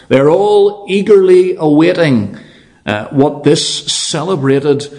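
A man's voice: mid-range voice, a little mellow. A man preaching an evening sermon, emphatic and fond of rhetorical repetition.

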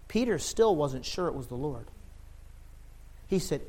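A man preaching a sermon with passion, rising to loud shouts and dropping to quiet, low lines. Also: very animated, measured pace, pauses often. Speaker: pastor.

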